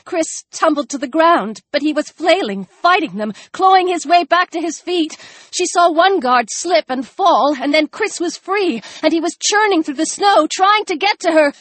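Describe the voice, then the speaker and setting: A woman narrating an audiobook, expressive, her voice rising in the tense action scenes. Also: very high-pitched, normal speed, no room sound. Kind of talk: scripted narration.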